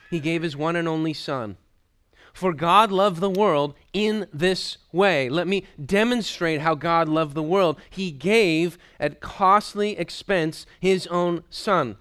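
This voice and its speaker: A man preaching a sermon in an earnest, emphatic way, repeating key phrases and letting his voice drop low at the ends of lines. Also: a bit bright, clean tone.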